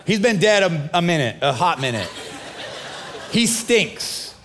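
Middle-aged male pastor, high voice, chatty sermon delivery with acted-out dialogue. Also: big pitch swings, a little slow, a bit bright, a little hiss or hum. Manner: casual, conversational preaching with acted-out dialogue.

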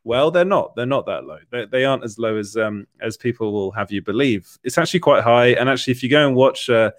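A young man hosts a casual livestream, reading out chat messages in an easygoing, rambling way that is broken by frequent laughs and fillers. His voice sits at an ordinary pitch. It is captured on a close, dry microphone with no room sound. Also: animated, quick pace, no echo. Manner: chatty, laughs often, filler-heavy. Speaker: livestream host. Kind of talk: casual live chat, reading viewer comments.

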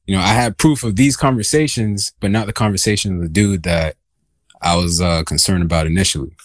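A man's voice: low-pitched, a little fast, no echo. Laid-back young man telling a story. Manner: laid-back, meandering, lots of fillers. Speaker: guest telling his story. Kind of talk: casual podcast storytelling.

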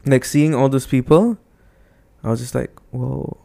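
A young man talking in a relaxed, rambling way, full of "like" and little asides. His voice is smooth and resonant, and he pokes fun at himself as he goes. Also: medium pitch, moderate pace. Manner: rambling, filler-heavy, self-deprecating. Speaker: podcast co-host, newlywed husband. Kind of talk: casual chat.

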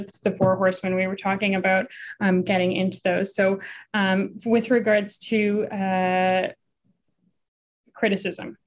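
A woman therapist explaining couples communication in casual conversation, with frequent fillers and restarts. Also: mid-range voice. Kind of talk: casual podcast chat.

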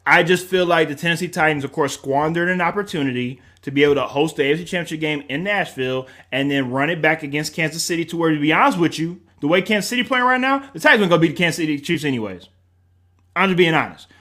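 A man co-hosting a sports talk show, passionate and emotional, breaking into loud rants. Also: fairly high pitch, fast talker. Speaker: co-host.

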